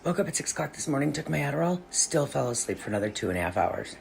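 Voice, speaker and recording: Low-voiced woman chatting in a home vlog. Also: big pitch swings, rapid-fire, vocal fry, a little mellow, slight background noise. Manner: rambling, self-interrupting, chatty. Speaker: vlog host. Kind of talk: casual chat.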